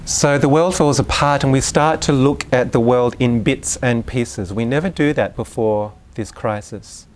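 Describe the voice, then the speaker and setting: Guy lecturing to a room of parents, chatty and easygoing, tosses questions out to the crowd, mid-pitched voice. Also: a little hiss or hum. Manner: conversational, unhurried, with asides and questions to the audience. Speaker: lecturer on Waldorf education. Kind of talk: live lecture to an audience. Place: live lecture venue.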